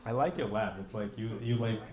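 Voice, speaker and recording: Teasing stand-up comedian, echoey club. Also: male voice, fairly low pitch. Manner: teasing, quick crowd banter with laughs. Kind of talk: stand-up crowd work. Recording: echoey club with loud audience noise. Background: audience laughter.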